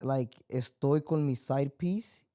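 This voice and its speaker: A man co-hosting a podcast, chatting in a quick, laid-back way and slipping Spanish into his English. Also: mid-range voice, dark tone. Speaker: podcast co-host. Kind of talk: casual podcast chat.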